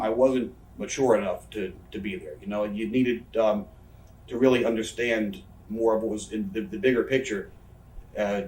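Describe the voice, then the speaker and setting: Fast-talking, profane man in a roomy space. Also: medium pitch, a little mellow, recorded from a distance. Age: 30s. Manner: profane, rambling, candid. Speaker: professional wrestler interviewee. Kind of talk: candid shoot interview storytelling. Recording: roomy, voice from away from the mic.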